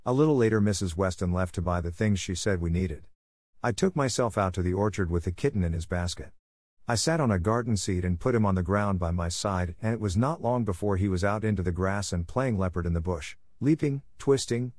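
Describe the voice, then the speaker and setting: Man, low voice, calm measured ghost story narration, dry close sound. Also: dry recording.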